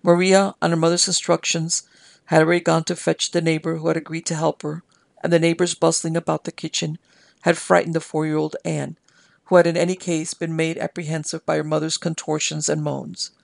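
A man reads a story in a slow, measured way, with a heavily gravelly, fried voice. His pitch sits a little high and barely moves. The sound is dry and close. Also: completely flat delivery, dry recording. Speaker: audiobook narrator. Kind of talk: scripted narration of history and story.

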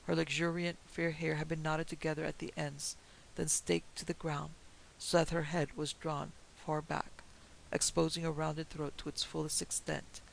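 A man reads a horror story aloud in a measured, even way. His voice is deeply gravelly and sits slightly high, with little rise and fall. A faint hiss runs under the recording. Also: poor audio. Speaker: narrator. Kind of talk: storybook narration of a pulp horror tale.

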